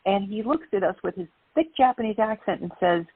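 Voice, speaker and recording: A middle-aged woman from Brooklyn, a guest telling lively stories in an interview. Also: medium pitch, a little fast, breathy edge, dry recording. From Brooklyn, New York. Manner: lively, animated storyteller. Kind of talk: interview storytelling. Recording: tinny phone-like line.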